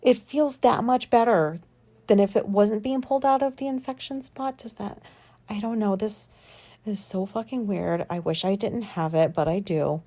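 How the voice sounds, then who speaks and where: A woman's voice: mid-range voice, normal speed, warm tone. A woman vlogger telling a personal story in casual, rambling talk, swearing freely and filling gaps with filler words. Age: adult.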